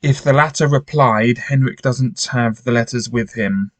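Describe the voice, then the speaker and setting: A man's voice: medium pitch, unhurried, no room sound. A man reading a gamebook aloud with commentary, often stumbling and restarting his sentences. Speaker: gamebook player.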